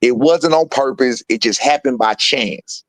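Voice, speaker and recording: Speaking a little slowly, this middle-aged guest, a boxing father, shares casual stories in street slang, throwing big pitch jumps into his impressions of the people involved. "You feel what I'm saying" comes up again and again. The audio is poor, with no room sound.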